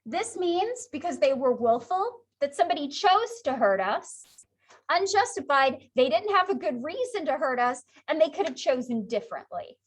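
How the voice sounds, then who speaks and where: A woman's voice: high voice, moderate pace. A young adult woman lecturing a psychology class in a chatty way, with asides to her students. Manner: animated, chatty, with asides and laughs. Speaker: psychology instructor.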